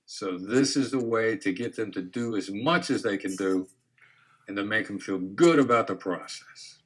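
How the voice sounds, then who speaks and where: A man giving a calm, measured instructional talk on negotiation, demonstrating his tones of voice as he explains. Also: fairly low pitch.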